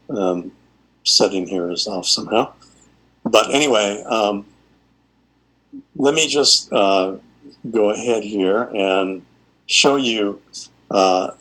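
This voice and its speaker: A man giving a university lecture over a video call, speaking in a measured way with frequent fillers. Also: fairly low pitch, fairly bright tone, husky, rough recording. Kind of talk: online class lecture.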